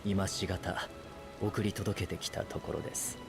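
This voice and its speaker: A composed young scholar in a fantasy game, his voice very deep and his delivery quick and polite. He gives a formal report, and game music plays clearly behind him. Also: steady tone.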